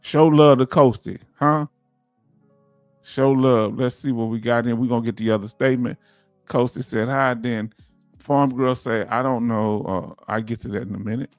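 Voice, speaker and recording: A man's voice: mid-range voice, fairly even intonation, fairly quick, no echo, soft background music. A man with a Southern US accent hosting a casual livestream, reading out viewer comments and laughing often. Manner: laughs often, loose conversational delivery. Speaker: livestream host.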